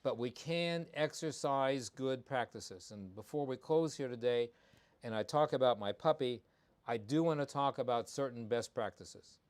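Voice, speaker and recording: A man's voice: medium pitch, normal speed. A man, a veterinarian hosting a live show, talking with emphasis and repeating his key points, with ums and restarts. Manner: conversational with many ums and restarts. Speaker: veterinarian host. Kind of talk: live talk on pet behavior.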